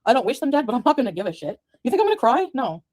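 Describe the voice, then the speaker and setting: A woman's voice: a little high, very animated, rapid-fire, darkish tone. A woman in a played clip delivering an angry, profane rant to the camera, scornful and cursing at her critics.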